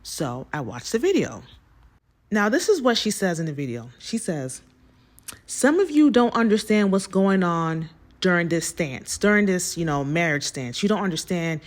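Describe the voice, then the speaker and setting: A woman hosting her own show, telling a personal story in an animated way and calling her listeners y'all. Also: fairly low pitch, normal speed.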